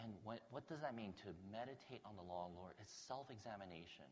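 A man's voice: fairly low pitch, fast talker, few pauses, in a large hall. A man preaching a sermon to his congregation in an earnest, conversational way. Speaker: pastor.

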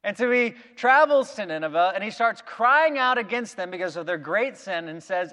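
High-voiced male preacher telling a story. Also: normal speed, hardly any pauses. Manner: lively storytelling with acted-out quotes. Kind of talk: sermon retelling a Bible story. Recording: long reverb of a big hall.

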